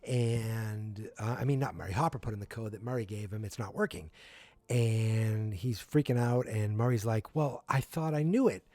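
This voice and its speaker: A man with a fairly low voice talks through an episode recap in a loose, chatty way, drifting into small personal tangents. The sound is dry and close, with no room around it. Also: fairly even intonation, moderate pace, warm tone, no room sound. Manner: chatty, rambling storyteller with asides. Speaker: podcast host.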